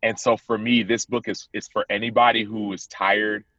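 A man's voice: lowish voice, little pitch movement, moderate pace, sharp tone, dry recording. A man in his thirties, a football player guest on a podcast, telling his story earnestly and acting out old conversations. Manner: earnest, retells dialogue with rising voice. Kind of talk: candid interview storytelling. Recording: dull, dry, lo-fi sound.

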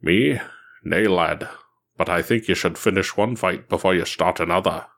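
A man reading the part of a calm, teasing Irish swordsman in a story. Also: low voice, moderate pace, vocal fry, exaggerated voice. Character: gruff Irish swordsman in a trench coat.

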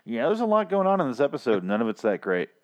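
A man's voice: mid-range voice, sing-song, fast. A man hosting a podcast in casual chat, sarcastic and swearing casually. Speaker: podcast host. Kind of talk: casual chat reviewing a TV episode.

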